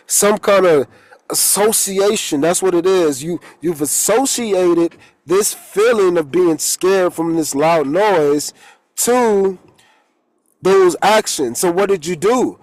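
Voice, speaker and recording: A man's voice: high-pitched, slow, a little mellow, rough recording. A man, a holistic coach, giving a rambling, casual spiritual talk and swearing when he gets heated.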